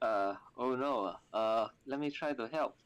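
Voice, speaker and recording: A man playing a tabletop game, speaking in an unhurried way and laughing often. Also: medium pitch, a bit bright, clear, resonant tone, highs cut off. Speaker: player. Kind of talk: casual tabletop game play.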